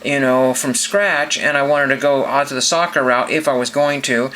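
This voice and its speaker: Casting: bright, rambling male vlog host, slight faint room hum. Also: mid-range voice, normal speed. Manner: rambling, musing aloud with many fillers. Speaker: card collecting channel host. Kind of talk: casual screen-share vlog.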